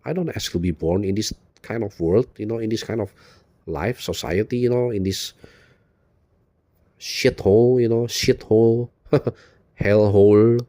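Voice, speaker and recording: A man with a low, mellow voice talks straight to his viewers in a loose, unscripted monologue. He loops back on his own phrases and leans on "you know" again and again, with bitter swearing throughout. The sound is dry and close. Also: measured pace, pauses often, no echo. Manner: rambling, repeats "you know" constantly, profane and bitter. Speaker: video blogger.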